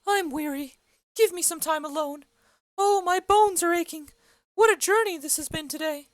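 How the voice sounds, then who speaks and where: Woman as a fussy old nurse, very high-pitched and grumbling, bossy and teasing, dry close sound, amateur play reading. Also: normal speed, no echo. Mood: complaining.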